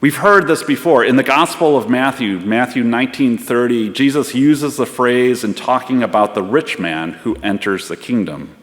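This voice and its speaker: A man speaking in a medium pitch at normal speed, with few pauses, preaches as pastor in his church sanctuary. He tells stories reflectively and acts out voices, and the long reverb of the church hall fills the recording.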